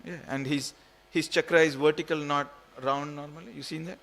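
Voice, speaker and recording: His slightly fast voice sits on the high side, with a steady tone and a bit of brightness. The temple speaker, an Indian-born man in his forties, keeps his scripture class in the hall informal and jokey, repeating himself and coaxing listeners along.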